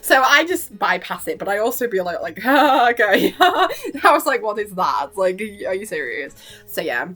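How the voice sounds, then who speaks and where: A woman's voice: medium pitch, big pitch swings, moderate pace, bright, forceful tone, soft background music. A young woman chatting casually about a cartoon episode, giggling often and acting out the characters' lines as she gushes. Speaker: YouTuber reviewing a cartoon episode. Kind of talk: casual reaction chat.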